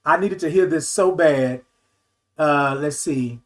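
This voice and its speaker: A man in his fifties hosting a casual livestream talk show, reading viewer comments aloud and answering them in an animated, affectionate way. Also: a little high, slow pace. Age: 50s. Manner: animated, affectionate, calls viewers baby and y'all.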